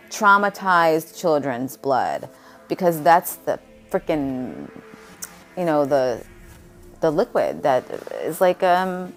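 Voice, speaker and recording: A woman vlogger talking in a blunt, rambling monologue, jumping from topic to topic. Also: low voice. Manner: blunt, jumps between topics.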